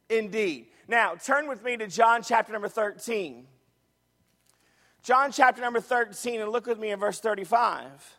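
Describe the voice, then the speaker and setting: A man's voice: high-pitched, moderate pace, a bit bright, in a large hall. A man preaching a sermon as pastor, emphatic, repeating phrases and asking the congregation questions. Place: church sanctuary.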